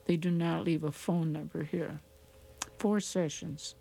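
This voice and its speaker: A woman co-hosting a radio show, reading community announcements in a measured, matter-of-fact way. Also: deep voice, steady tone, vocal fry, dark tone, a little hiss or hum. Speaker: radio co-host. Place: radio studio.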